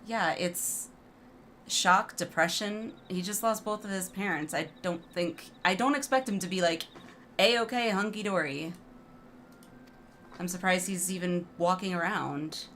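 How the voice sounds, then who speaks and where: A woman's voice: fairly low pitch, normal speed, fairly bright tone, slight background noise. Sarcastic woman streamer, casual. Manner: blunt, sarcastic asides; emotional reactions to a story. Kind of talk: casual let's-play commentary.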